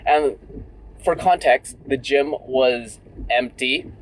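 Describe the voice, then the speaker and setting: A man's voice: mid-range voice, slow pace, slight background noise, low-quality recording. A young man talking candidly in a casual vlog while driving, full of "like" and "right?". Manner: chatty and candid, many fillers like "like" and "right?". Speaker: vlogger.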